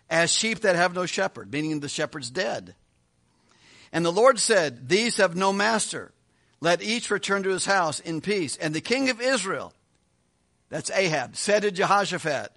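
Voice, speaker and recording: A man teaching a Bible study as a pastor, retelling scripture with quick voiced asides and chuckles. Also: high-pitched, bright, forceful tone.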